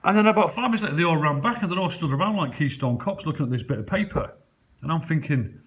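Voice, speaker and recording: A man, talking to camera from his flat in a low, rambling, conspiratorial way. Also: quick pace. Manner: low muttering, conspiratorial, points around his flat as he talks. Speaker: vlogger. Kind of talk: rambling first-person account to camera. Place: his home, a flat indoors.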